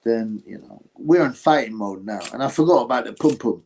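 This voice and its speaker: A man's medium-pitched, darkish voice moves briskly with lively intonation over a faint hiss or hum. As host of a casual livestream, he reads viewers' comments and responds in a blunt, rambling, profane manner, calling them bro.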